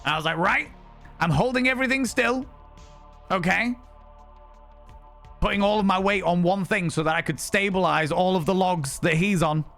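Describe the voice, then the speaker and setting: Animated, foul-mouthed male streamer. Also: high voice, normal speed, gravelly, faint music behind. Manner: animated, swears freely, acts out quoted speech. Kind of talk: casual chat stream storytelling.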